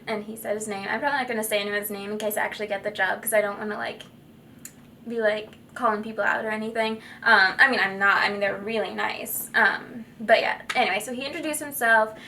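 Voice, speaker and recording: A woman's voice: on the high side, fairly even intonation, fairly quick, bright, forceful tone, recorded from a distance, slight background noise. A young woman telling a story in a casual vlog, chatty and giggly with lots of fillers. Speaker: vlogger.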